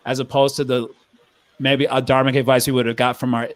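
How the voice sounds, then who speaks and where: A man's voice: medium pitch, level tone, brisk, no room sound. A young man hosting a podcast, telling a story and asking a long question in a thoughtful, rambling way. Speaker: podcast host. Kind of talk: casual podcast chat.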